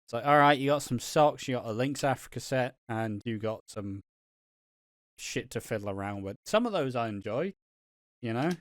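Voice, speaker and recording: A man's voice: medium pitch, animated, normal speed, dry recording, studio quality. A young man co-hosting a podcast, rambling in casual chat and swearing a lot. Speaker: podcast co-host.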